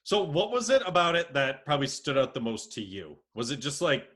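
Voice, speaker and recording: Lively bright-voiced young man. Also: medium pitch, a little fast. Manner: laughs often, animated storytelling. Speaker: podcast co-host. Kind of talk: casual chat.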